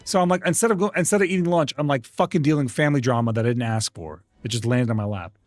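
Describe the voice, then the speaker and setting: A man's voice: medium pitch, fast talker, dry recording, faint music behind. A man streaming live, telling a family argument to his chat in a profane, indignant way. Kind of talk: casual storytelling to a live chat.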